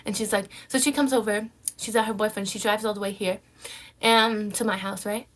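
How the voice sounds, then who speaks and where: A woman's voice: medium pitch, fairly quick. Young woman telling a story in casual chat. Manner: animated storytelling, frequent "like" and "right?" fillers. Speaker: vlogger.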